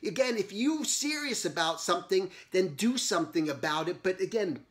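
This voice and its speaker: A man's voice: high voice, lively intonation, normal speed, fairly bright tone. A middle-aged man hosting a casual monologue, talking in an earnest, rambling way and asking many pointed questions. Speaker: host.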